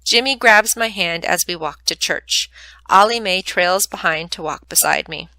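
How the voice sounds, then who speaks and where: Bright, close woman reading aloud. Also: on the low side, normal speed, no echo, low-quality recording. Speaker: librarian.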